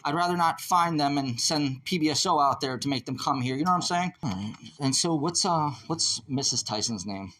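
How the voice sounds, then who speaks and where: Calm police officer questioning someone. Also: male voice, a little high, fairly quick, hardly any pauses. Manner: calm, conversational, stammers and restarts. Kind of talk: questioning a witness. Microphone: police bodycam.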